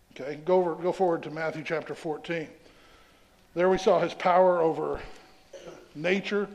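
High, gravelly-voiced man preaching. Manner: reads scripture aloud and explains it conversationally, often asking "right?". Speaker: pastor. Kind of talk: sermon.

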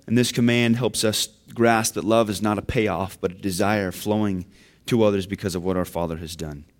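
A man's voice: fairly low pitch, steady tone, moderate pace. A man preaching a sermon, earnest and building to emphatic questions. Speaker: pastor.

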